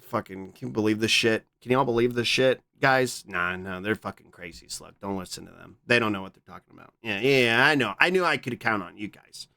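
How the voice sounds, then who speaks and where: A man chatting casually on a live stream, reading and answering his chat with quick, repeated "what?" interjections. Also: fairly low pitch, vocal fry, bright, forceful tone.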